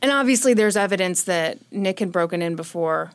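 A woman co-hosting a casual true-crime chat, retelling the details of a case with wry, dark jokes. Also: lowish voice, expressive, brisk, clean tone. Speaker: podcast co-host.

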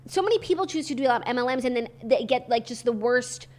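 A young woman with a slightly high voice co-hosts a casual podcast chat. She teases her co-host in a dry, offhand way. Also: expressive, quick pace, darkish tone.

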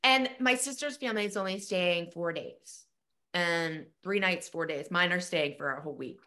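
A woman's voice: lowish voice, moderate pace, pushed and bright. A middle-aged woman co-hosting a podcast, telling a rambling, emotional story in casual chat. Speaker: podcast co-host.

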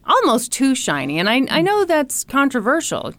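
Lively podcast woman spinning a story, dry close sound, bit high voice. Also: no room sound. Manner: playful, teasing, dramatic pauses. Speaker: podcast co-host. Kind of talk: comedic storytelling.

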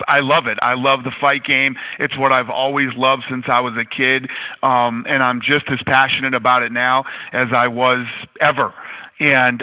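A man talking bluntly and motivationally as a podcast guest, swearing freely. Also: mid-range voice. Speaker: guest, fight promotion executive. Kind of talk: casual podcast conversation. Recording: tinny phone-line sound.

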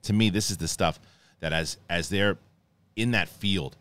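A man hosting a casual spoiler review, talking excitably and rambling with many restarts. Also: low voice, unhurried. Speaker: host reviewing a TV episode.

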